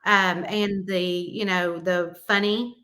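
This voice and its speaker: Southern american lady author, middle-aged, chatty and laughy, bright sharp voice. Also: lowish voice, slow. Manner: lively, laughs often, acts out quotes. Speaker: guest author. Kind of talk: casual chat.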